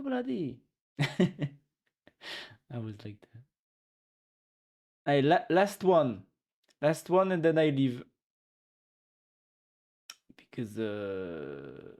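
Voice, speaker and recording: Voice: medium pitch, darkish tone. A streamer with a French accent chatting casually on a live stream, laughing often and swearing offhandedly.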